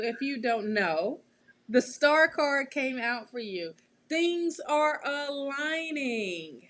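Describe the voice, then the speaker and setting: A woman hosts a live tarot reading in a high voice. She speaks slowly and chats loosely with her listeners, laughing often and tagging her points with a friendly "okay?". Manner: chatty, laughing, keeps checking in with "okay?". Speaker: tarot reader and show host.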